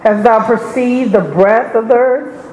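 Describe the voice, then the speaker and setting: A congregant slowly reading old-style scripture verses aloud during a sermon. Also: mid-range voice. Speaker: scripture reader. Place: church. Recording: echoey church with faint noise.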